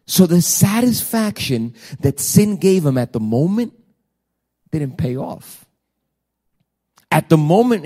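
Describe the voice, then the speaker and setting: A man delivering a sermon in a slightly high-pitched voice. He speaks fervently, leaning into scripture quotes with dramatic weight. He keeps turning to his listeners with pointed rhetorical questions. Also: big pitch swings, takes it slowly, vocal fry, long pauses, darkish tone. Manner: preaching with dramatic shifts, quoting scripture emphatically; addresses congregation directly with rhetorical questions. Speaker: pastor.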